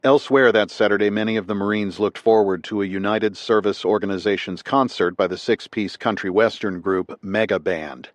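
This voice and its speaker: A man reading nonfiction as an audiobook narrator, in a measured, steady way. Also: fairly low pitch, no echo.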